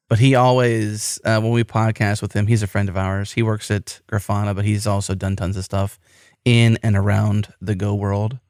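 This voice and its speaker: A man's voice: on the low side, a little mellow, clear, resonant tone, dry recording, studio quality. A middle-aged American man hosting a podcast, rambling enthusiastically with frequent restarts. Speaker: podcast host. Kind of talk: casual podcast chat.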